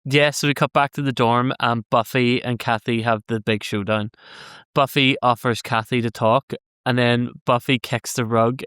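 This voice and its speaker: A man's voice: medium pitch, steady tone, normal speed, a bit bright, smooth, dry recording, studio quality. A man co-hosting a podcast, recapping an episode in casual, sweary chat and laughing often. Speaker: podcast co-host.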